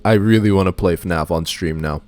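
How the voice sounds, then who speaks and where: A man's voice: low-pitched, moderate pace, a little mellow, dry recording, faint music behind. A man streaming a game and chatting casually in a rambling, joking way. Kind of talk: casual gaming stream chat.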